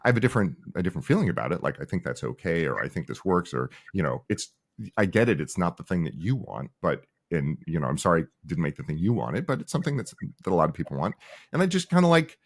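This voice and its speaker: A man's voice: low-pitched, fast, slightly rough. A middle-aged man, a company founder, talking casually in an interview and acting out the people he quotes. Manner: animated storyteller, acts out quoted people.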